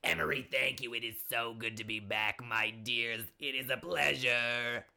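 A man's voice: medium pitch, a little slow, gravelly, pushed and bright, exaggerated voice. A man voicing a brash older woman who gives advice and nags about her unmarried daughter, gossipy and full of "seriously". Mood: gushing. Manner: brash and gossipy, keeps saying "seriously", calls listeners "my dears". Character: brassy older woman advice-giver, doting nagging mother. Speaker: advice segment host. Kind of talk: comedy character monologue.

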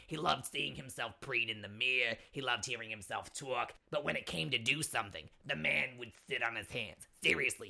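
A man doing a brassy, gravelly older mother doling out advice. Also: mid-range voice, pushed and bright, exaggerated voice. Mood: gushing. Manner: brash and gossipy, keeps saying "seriously", calls listeners "my dears". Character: brassy older woman advice-giver, doting nagging mother. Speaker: advice segment host. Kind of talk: comedy character monologue.

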